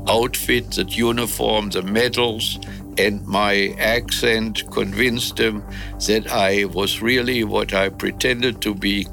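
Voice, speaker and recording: An older man from Germany, interviewed about his past, speaking in a measured way with pauses. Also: fairly low pitch, vocal fry, pushed and bright. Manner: measured, pausing with "uh". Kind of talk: recalled wartime testimony.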